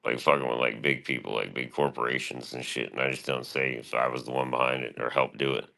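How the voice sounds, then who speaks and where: A man with an extremely low voice rambles through a casual stream monologue, boastful and full of swearing. His tone has a bright, forceful edge despite the depth. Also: fairly even intonation, quick pace, creaky.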